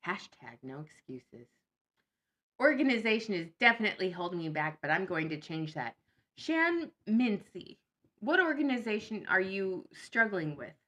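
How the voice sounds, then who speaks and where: A woman's voice: mid-range voice, bright, forceful tone. A woman vlogger in casual chat, blunt and sarcastic.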